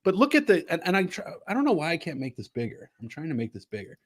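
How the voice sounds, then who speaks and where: A man co-hosting a political stream from Connecticut, joking and stammering through quick restarts, laughing often. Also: a little high, huge pitch swings. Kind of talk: casual political chat.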